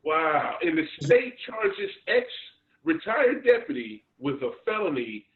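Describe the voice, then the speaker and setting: Host guy, bouncy pitch, lots of wow and right on, sounds like he's on a phone. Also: sing-song, roomy sound. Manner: reactive, exclamatory, quick short interjections. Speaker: podcast host. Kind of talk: casual interview chat. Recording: tinny phone-like line.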